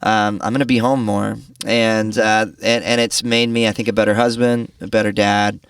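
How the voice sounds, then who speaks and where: A man in his thirties, a podcast guest, talking earnestly in a reflective, halting way with many restarts. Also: lowish voice, little pitch movement, clean tone, no room sound, clean studio sound, distant mic. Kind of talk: reflective casual conversation.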